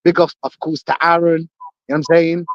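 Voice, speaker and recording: A man joining a live chat show as a guest, animated and joking, full of shout-outs. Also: on the high side, fairly quick, dry recording, muffled recording. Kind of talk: casual live podcast chat.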